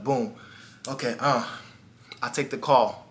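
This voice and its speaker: A man's voice: medium pitch, moderate pace, sharp tone. A man, a life coach, telling a personal story in an earnest motivational monologue, speaking straight to the viewer and acting out the dialogue.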